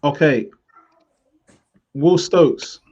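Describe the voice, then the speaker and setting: A man hosting a casual chat show, upbeat and reading out fan questions and shout-outs. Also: on the high side, extremely slow, breathy edge, muffled recording. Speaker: host.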